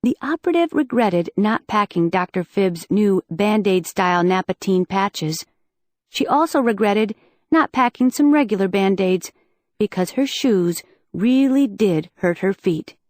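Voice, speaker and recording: A woman reading a first-person audiobook in a lively, wry storytelling manner, on a close studio mic. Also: medium pitch, unhurried, dry recording. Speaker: audiobook narrator.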